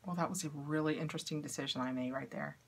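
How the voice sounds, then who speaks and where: A woman's voice: low-pitched, steady tone, quick pace, husky. A woman chatting casually to camera while unboxing and trying beauty products, upbeat and thinking aloud as she goes.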